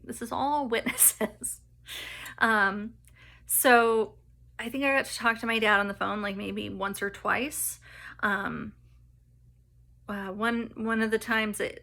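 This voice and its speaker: A woman's voice: a little high, vocal fry, bright, forceful tone. A woman telling her personal story in a vlog, hesitant, with many fillers and restarts, near tears and laughing nervously at painful moments.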